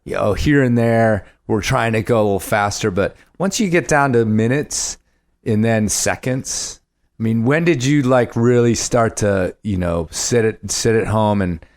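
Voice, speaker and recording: Low-voiced male host, rambling questions. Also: darkish tone, no room sound. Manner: rambling, halting questions full of fillers. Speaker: podcast host. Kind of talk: casual interview.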